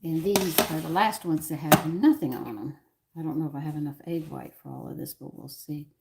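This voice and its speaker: A woman's voice: low-pitched, fairly quick, creaky, very noisy. A woman in her sixties hosting a home cooking stream from her kitchen, chatting in a rambling, opinionated way while greeting viewers. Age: 60s. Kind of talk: casual chat while cooking.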